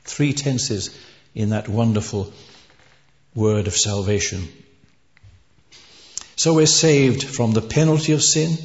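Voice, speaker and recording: A man's voice: on the low side, a little mellow. A man preaching a sermon, earnest and emphatic, lifting his voice on key words. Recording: dull, echoey hall recording.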